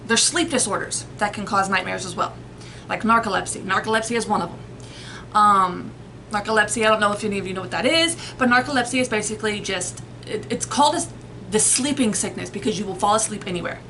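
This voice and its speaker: Conversational and rambling, this woman explains sleep and nightmares to viewers, often restarting and leaning on everyday comparisons. She speaks in a mid-range, pushed, bright voice. There's a little hiss or hum on poor audio.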